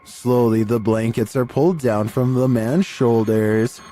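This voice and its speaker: A man giving scripted narration for a creepy video compilation in a measured, deliberate storytelling manner. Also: mid-range voice, fairly even intonation, warm tone, slight background noise.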